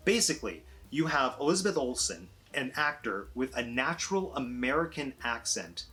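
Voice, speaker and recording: A man's voice: medium pitch, very animated, normal speed, background noise. Eager, gushing man reviewing a show. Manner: eager, gushing, with sudden emphatic lifts. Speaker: film and TV reviewer. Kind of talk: enthusiastic review vlog.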